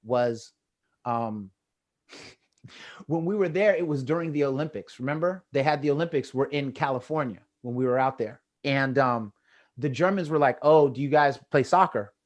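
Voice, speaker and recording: A man with an American accent telling lively stories in casual chat over a video call, acting out the quotes with a rising voice. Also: medium pitch, moderate pace. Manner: animated, acts out quotes with rising voice. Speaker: guest storyteller.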